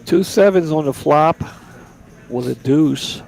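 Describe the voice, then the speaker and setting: A man's voice: a little high, takes it slowly, gravelly, a little mellow. A man giving easygoing, chatty live commentary on a poker table from a booth. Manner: chatty, easygoing, repeats words. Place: commentary booth at a card room.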